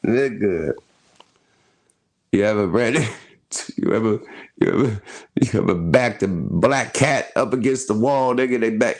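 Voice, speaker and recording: A man's voice: fairly low pitch, unhurried, pauses often. A middle-aged man hosting a casual commentary show, riffing loosely with slang and frequent laughs. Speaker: host.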